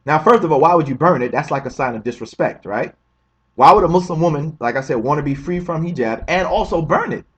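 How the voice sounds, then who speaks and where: Male commentary host, slightly high and husky, emphatic and repetitive with rhetorical questions. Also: expressive, quick pace, highs cut off. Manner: keeps asking the listener "right?". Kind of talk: casual video commentary.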